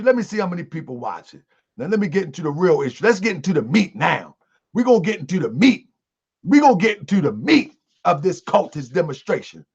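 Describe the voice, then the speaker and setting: A man hosting an online livestream, commenting to his viewers in a preachy, animated way. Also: sits high, a little fast. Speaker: host of an online show. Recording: dull lo-fi sound.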